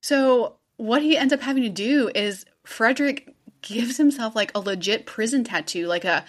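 A woman's voice: fairly high pitch, moderate pace. Woman, podcast host, casual storytelling, chatty, swears. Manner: chatty, swears, acts out quotes. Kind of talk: casual true-crime podcast chat.

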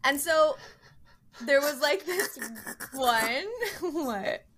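Podcast co-host, a bubbly woman with a slightly high voice in casual chat. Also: expressive, extremely slow, a bit bright. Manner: bubbly, laughs often.

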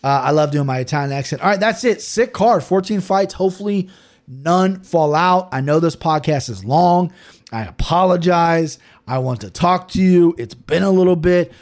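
A man hosting a podcast with a slightly raised voice, talking fast and loose. He rambles from point to point and swears freely in casual chat. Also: on the high side, animated, darkish tone. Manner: profane, rambling, quick-talking. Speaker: podcast host.

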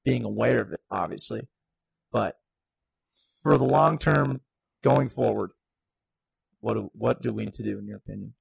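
A man's voice: on the low side, normal speed, creaky, pauses often, breathy edge, no room sound, poor audio. A man hosting a podcast, asking questions in a hesitant way and searching for his words. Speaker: podcast host. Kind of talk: casual podcast interview.

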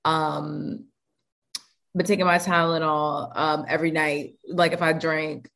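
A woman's voice: low voice, a little slow, vocal fry. A young woman chatting casually with friends as a podcast co-host, chatty and playful. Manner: chatty, animated, playful asides. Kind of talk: casual chat among friends.

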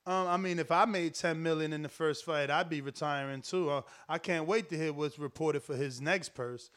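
A male host of a live boxing stream, reading viewer comments aloud in a relaxed way. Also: a little high, moderate pace.

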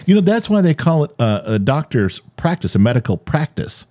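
A man's voice: on the high side, sing-song, brisk, dark tone, no room sound. A middle-aged man co-hosting a casual podcast, teasing his wife and acting out little quotes. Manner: joking, teasing, acts out quotes. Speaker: podcast co-host, husband. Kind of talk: casual chat.

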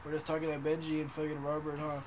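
A man's voice: on the high side, monotone, fast talker, slight background noise. A man co-hosting a casual podcast, joking around in a profane, slangy way. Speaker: podcast co-host.

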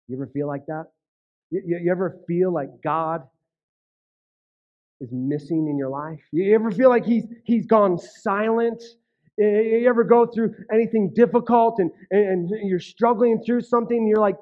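A man with a notably high voice gives a casual, conversational sermon as a pastor. He keeps checking in with his listeners and repeats words as he gets going. The recording is slightly dull and lo-fi. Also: normal speed. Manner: conversational, frequent "right?" and "okay?" asides; repeats words when starting phrases.

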